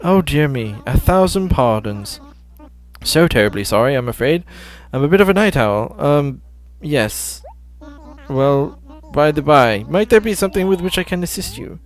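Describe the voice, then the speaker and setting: A man's voice: fairly high pitch, expressive, normal speed, lightly acted. A man voicing a pompous, sleepy male owl who runs a game's museum, with flowery, formal and apologetic phrasing. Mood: fussy.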